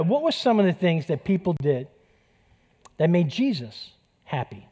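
A middle-aged man delivers a sermon in a church, easygoing and conversational, dropping jokes and repeating key phrases to drive them home. His voice sits a little on the high side for a man. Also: sing-song, moderate pace, pauses often, a little mellow. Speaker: pastor.

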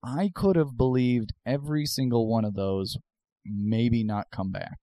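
A man's voice: mid-range voice, unhurried, warm tone, no echo. A man co-hosting a podcast, talking through his opinions casually with many fillers. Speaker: podcast co-host. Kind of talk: casual chat.

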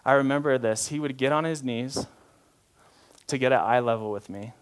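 A man preaching a sermon as pastor, talking in a relaxed, informal way and shifting between soft, slow passages and louder, emphatic ones. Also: mid-range voice, clear, resonant tone. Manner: informal, often uses "like" and restarts.

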